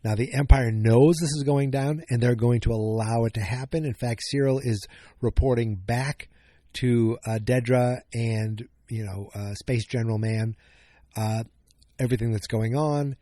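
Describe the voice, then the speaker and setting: A male podcast host talks through an episode recap in a loose, rambling way. He trips over words, corrects himself, and tosses in jokes as he goes. His voice is mellow and dark, recorded close and dry, at a middling pitch. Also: fairly even intonation, moderate pace, no room sound. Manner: rambling, self-correcting, jokey.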